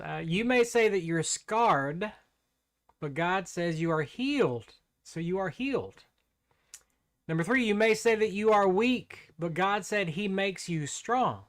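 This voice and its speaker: An older man giving a casual devotional talk, relaxed and conversational, often restarting his sentences. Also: high voice. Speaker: Christian devotional speaker.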